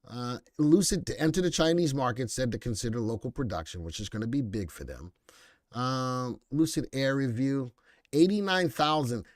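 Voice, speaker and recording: A man hosting a live stock market show, riffing and joking as he answers viewer comments. His voice sits at an ordinary middle pitch. It sounds dry and close, with no room echo. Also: normal speed. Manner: animated, joking, reads viewer comments aloud.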